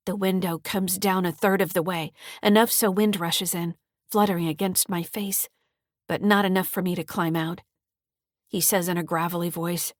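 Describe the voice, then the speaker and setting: A woman author reading her own mystery thriller as an audiobook, telling it in a steady, clear way. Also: fairly low pitch, normal speed, dry recording, clean studio sound. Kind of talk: scripted audiobook narration.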